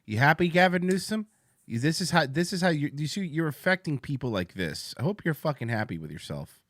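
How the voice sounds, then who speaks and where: A man's voice: on the high side, sing-song, brisk, no room sound, studio quality. A man hosting a comedy podcast, riffing sarcastically and swearing freely. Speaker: podcast host. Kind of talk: comedic commentary.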